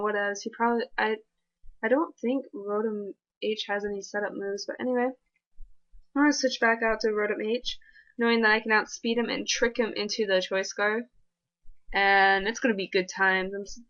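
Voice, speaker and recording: A woman giving casual, fast and excitable commentary over her own gameplay. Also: mid-range voice, muffled recording.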